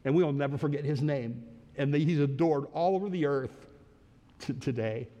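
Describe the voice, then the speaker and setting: A pastor delivers an earnest sermon, his fairly high voice sinking low and soft for quoted words, then lifting as he urges his listeners on. The sound trails off in the long reverb of a church sanctuary. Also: normal speed, dull audio.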